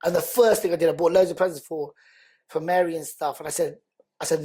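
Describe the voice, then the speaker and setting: Husky man telling his story. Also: a little high, quick pace. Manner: animated, earnest, acts out quoted speech loudly. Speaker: podcast guest. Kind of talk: personal storytelling in conversation.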